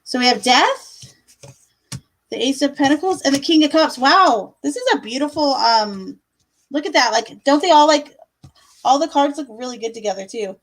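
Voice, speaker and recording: A young woman reading tarot on a livestream keeps things casual and chatty, full of fillers and affectionate calls of "love" and "my dear." Her high voice is animated and moderately paced, though the recording quality is low.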